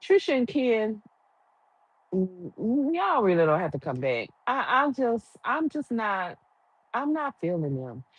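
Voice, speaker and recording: A woman's voice: a little high, very animated, unhurried, slightly rough, dry recording, dull audio. A woman giving a casual, opinionated recap of a TV episode, firing off rhetorical questions in colloquial speech. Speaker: TV recap reviewer. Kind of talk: casual chatty review.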